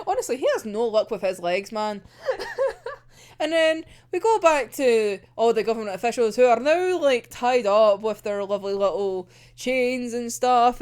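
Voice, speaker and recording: A woman's voice: on the high side, animated, normal speed, darkish tone, clear, resonant tone. Giggly woman rambling about anime. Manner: giggly, rambling, heavy swearing and fillers. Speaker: anime reviewer. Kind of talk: casual episode discussion.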